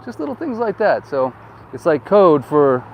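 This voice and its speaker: With a voice on the high side and big pitch swings at normal speed, a man gives a joking, casual town tour as a real estate agent while moving along a street outdoors. He's upbeat and prone to rambling asides, speaking into a wind-muffled mic with a windsock amid faint wind and traffic.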